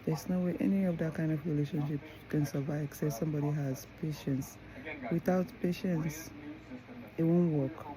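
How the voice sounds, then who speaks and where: A woman's voice: deep voice, fairly even intonation, moderate pace, a crowd in the background, poor audio. A woman, a mother, talking casually to camera in a rambling way, with many restarts and asides. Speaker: mother and vlogger.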